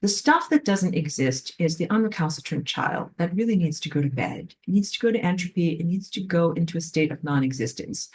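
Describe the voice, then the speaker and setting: A woman giving a spiritual class lecture in an animated way, filled with frequent "like". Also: on the low side, brisk, hardly any pauses. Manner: animated, acts out quoted voices, frequent "like". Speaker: spiritual teacher.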